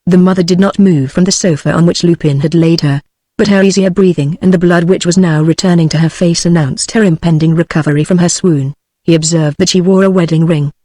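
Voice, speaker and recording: A synthetic British woman's voice narrating an audiobook in an even, measured way. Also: on the low side, no echo. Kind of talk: text-to-speech book reading.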